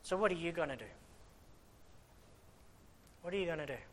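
Guy preaching a sermon, animated, loud bursts then quiet low bits. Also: moderate pace. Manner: animated, swings between loud exclamations and quiet low asides.

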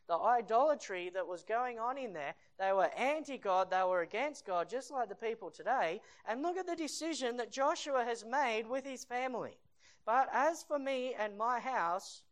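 Brief: male pastor, conversational sermon delivery, swings between loud emphasis and quiet reflection. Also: sits high.

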